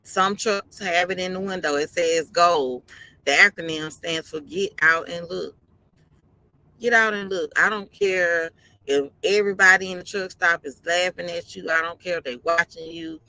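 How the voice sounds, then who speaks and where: A woman's voice: lowish voice, fairly even intonation, normal speed, sharp tone, rough recording. A woman truck driver talking casually on a live stream from inside her parked truck cab, tired and yawning, earnestly repeating her advice.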